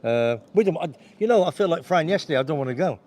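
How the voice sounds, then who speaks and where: A man's voice: fairly high pitch, expressive, quick pace, darkish tone. Chatty man rambling at a cafe. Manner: chatty, rambling, calls people son and big man. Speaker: live stream host. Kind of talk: casual chat. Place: outdoor cafe. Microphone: phone on a live stream.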